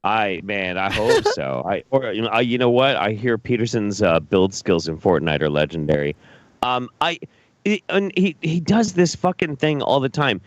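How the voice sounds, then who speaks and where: A man's voice: lowish voice, lively intonation, normal speed, no room sound. A male host chatting casually about clips, blunt, profane and openly incredulous. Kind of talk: casual chat reacting to clips.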